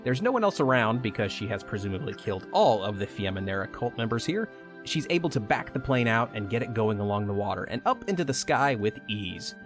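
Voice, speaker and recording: Very animated and brisk, a man with a lowish voice hosts a podcast, reading over music as he retells a video game story and tosses in joking asides.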